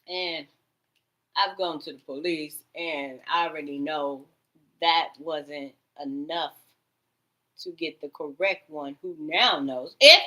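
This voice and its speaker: A woman vlogging in a rambling monologue, swinging between loud outbursts and low mutters, and swearing freely. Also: slow, rough recording.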